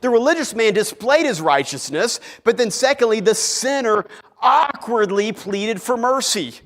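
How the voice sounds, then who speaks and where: Male pastor, fairly high voice, animated sermon, long church reverb. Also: unhurried. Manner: animated storytelling, acts out characters. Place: church sanctuary.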